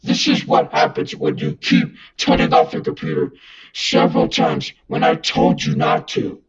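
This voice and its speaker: A man voicing a furious evil-mode computer error entity with a harsh, gravelly, toneless voice and a scolding, threatening manner. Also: on the high side, very animated, moderate pace, lo-fi sound, crowd noise. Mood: menacing scolding. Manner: scolding, threatening, shouting bursts.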